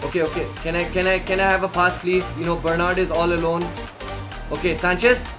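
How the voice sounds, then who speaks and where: A young man giving casual, excitable gameplay commentary, often shouting at the game. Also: sits high, brisk, over music. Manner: excitable, yells at the game, says "bro" and "man" a lot. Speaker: gaming YouTuber.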